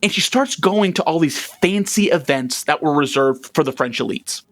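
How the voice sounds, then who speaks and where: Animated, profane male podcast host. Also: on the high side, normal speed. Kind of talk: casual comedic history chat.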